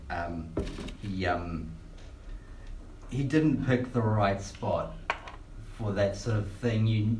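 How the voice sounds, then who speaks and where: A man playing a tabletop game in character, talking hesitantly with many pauses and ums. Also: lowish voice, slight background noise. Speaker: player. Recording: roomy, distant mic.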